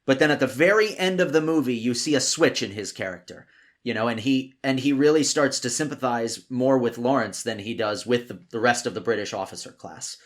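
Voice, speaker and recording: A man with an ordinary mid-range voice calmly explains a point about a film. The talk is loose and conversational. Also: mid-range voice, a little fast. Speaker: podcast co-host. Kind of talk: casual film discussion.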